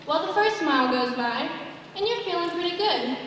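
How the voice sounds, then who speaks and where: A woman's voice: very high-pitched, expressive, moderate pace, fairly bright tone, a little hiss or hum. A young woman in her late teens giving a prepared graduation speech in an earnest, building pep-talk manner. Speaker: graduating student speaker. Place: large graduation ceremony hall. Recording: echoey hall recording from far off.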